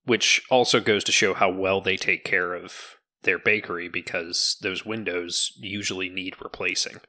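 Male game master, low bright voice, relaxed and jokey narration. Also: moderate pace. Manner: joking, relaxed.

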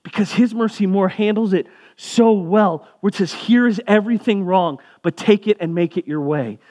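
Young male pastor with a fairly high voice, preaching in a relaxed, conversational tone. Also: moderate pace. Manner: conversational preaching, casual asides. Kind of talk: sermon.

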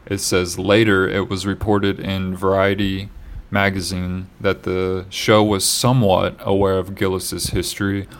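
A man co-hosting a casual podcast chat and reading news items aloud, halting with fillers and restarts. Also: low-pitched, monotone. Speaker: podcast co-host.

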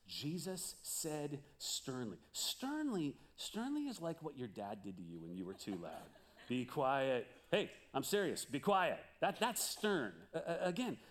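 A man preaching a sermon as pastor, animated and questioning his listeners. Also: fairly high pitch.

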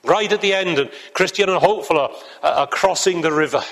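Male preacher, slightly high voice, earnest sermon delivery, long church reverb. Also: fairly quick, fairly bright tone. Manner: earnest, building to fervent emphasis. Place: church before a congregation.

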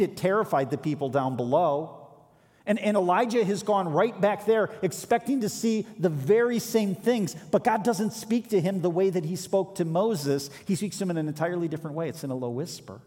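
A man's voice: sits high, brisk, darkish tone. A man preaching a sermon, reading scripture aloud and then explaining it with emphatic rises in his voice. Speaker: pastor. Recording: reverberant hall.

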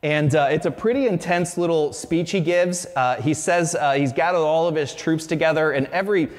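A man's voice: fairly high pitch, normal speed, in a large hall. A man preaching a sermon as pastor, earnest and conversational, often restarting his sentences.

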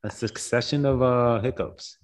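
A man's voice: medium pitch, fairly even intonation, unhurried, poor audio. A man in a casual football chat, talking hesitantly with many fillers.

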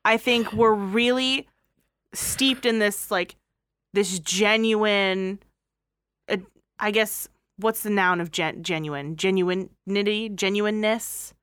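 A woman's voice: mid-range voice, takes it slowly, fairly bright tone, clean tone, no echo, clean studio sound. A woman co-hosting a casual movie-review chat, playful and self-deprecating as she talks. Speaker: podcast co-host.

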